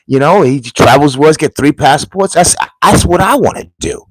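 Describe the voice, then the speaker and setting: A man's voice: a little high, expressive, normal speed, husky, dry recording, low-quality recording. A man from the United States giving a casual commentary monologue, telling rambling, emphatic stories.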